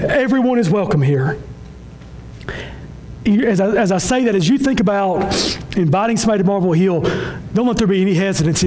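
A man with a high voice preaches a sermon, pressing his point through repetition and sudden swings between hushed low phrases and raised, pleading ones. A faint rumble sits under the recording. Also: lively intonation, a little fast, poor audio. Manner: impassioned, repetitive preaching with sudden drops and rises in pitch. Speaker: pastor.

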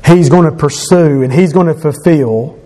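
A man preaching a sermon, building rhythmic lists and rising to passionate shouts. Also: a little high, moderate pace. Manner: impassioned, rising to shouts on climaxes.

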